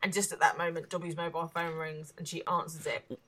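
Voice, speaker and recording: Bright-voiced woman podcast co-host. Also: low voice, flat delivery, brisk. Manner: laughs often, hesitant "um"s. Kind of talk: casual chat, recapping a TV episode.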